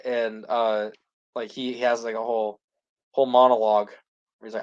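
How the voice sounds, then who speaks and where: A man's voice: mid-range voice, level tone, normal speed, pauses often, dull audio. A man co-hosting a podcast, recapping a series in casual chat full of "like" and restarts. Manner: rambling, heavy use of "like" and restarts. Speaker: podcast co-host.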